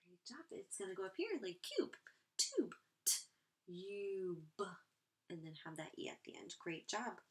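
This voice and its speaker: Woman teacher sounding out words slowly. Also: medium pitch, big pitch swings. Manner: encouraging, slow and clearly sounding out words. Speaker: first grade teacher. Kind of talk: online phonics lesson for children.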